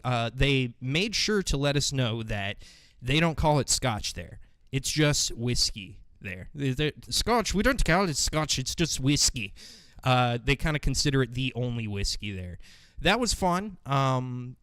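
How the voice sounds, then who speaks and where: Young american guy hosting his own show, swears a lot, lots of uhs, smooth clear voice, dry sound. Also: mid-range voice, fairly bright tone, no room sound. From United States. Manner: loose and profane, many fillers. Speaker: podcast host. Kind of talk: casual monologue.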